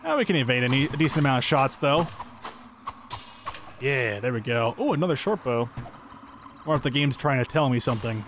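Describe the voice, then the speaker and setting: A man's voice: mid-range voice, lively intonation, fairly quick, long pauses, a bit bright, a little hiss or hum. A man giving upbeat, chatty let's-play commentary, thinking aloud as he plays. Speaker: gameplay commentator.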